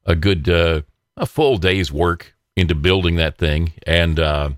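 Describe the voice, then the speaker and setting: A man's voice: sits low, unhurried, dry recording, studio quality. A man hosting his own podcast, talking in a rambling, casual way with many fillers and restarts and frequent chuckles. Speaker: podcast host. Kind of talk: casual solo political podcast monologue.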